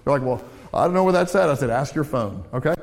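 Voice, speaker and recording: A middle-aged American man preaching a sermon as pastor and counselor, animated, swinging between raised emphasis and low, quiet asides. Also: quick pace, gravelly. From United States. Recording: long hall reverb.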